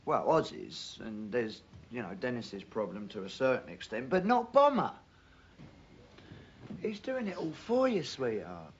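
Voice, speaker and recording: An actor playing a cheeky but decent young bricklayer who teases and calls people "love", in a TV drama. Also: male voice, medium pitch, very animated, unhurried. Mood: earnest. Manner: teasing, chatty, uses "love" a lot. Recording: muffled old TV soundtrack with faint hiss.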